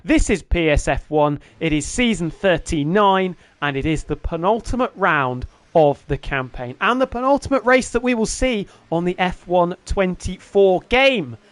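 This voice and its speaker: A man giving lead commentary on an online sim racing qualifying session, lively as he calls the lap times. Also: sits high, moderate pace, few pauses, dry recording. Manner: lively, builds excitement over lap times.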